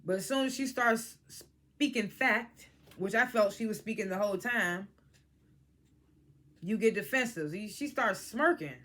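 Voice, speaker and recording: The voice sits at medium pitch and moves a little slowly as a vlogger bluntly and casually reviews a reality TV episode. Expect animation, free swearing, and reenactments quoting the cast.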